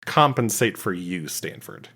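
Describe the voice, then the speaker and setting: A man co-hosting a podcast who chats casually and teases his friends. His voice sits low but bounces around a lot in pitch, and he is quick to laugh. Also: sing-song, pushed and bright. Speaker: podcast co-host. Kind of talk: casual chat.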